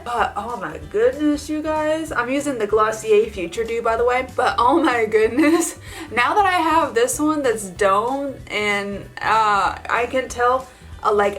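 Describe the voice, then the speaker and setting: A woman's voice: a little high, fairly bright tone. Chatty, gushing woman beauty vlogger. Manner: chatty and gushing, lots of "like" and laughs. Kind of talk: casual makeup tutorial chat.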